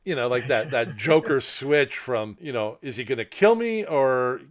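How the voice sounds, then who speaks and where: A man's voice: medium pitch, expressive, moderate pace. A man co-hosting a podcast in casual chat, rambling and repeating words as he restarts, on a laptop mic. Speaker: podcast co-host.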